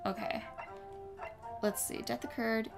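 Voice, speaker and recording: A woman's voice: a little high, flat delivery, slow, creaky. A woman hosting a let's play, chatty and self-mocking as she works through a game. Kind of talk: casual gaming chat. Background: game music.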